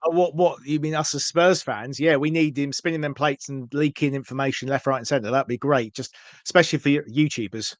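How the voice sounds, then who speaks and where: A man's voice: on the high side, steady tone, a little fast, no room sound. A man on a casual fan chat show, making dry, teasing remarks.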